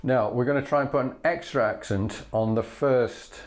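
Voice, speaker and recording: Loud fiddle passages break up the speech as a man patiently walks through bowing technique, voicing the rhythms in song between his explanations. His pitch is medium and his pace moderate.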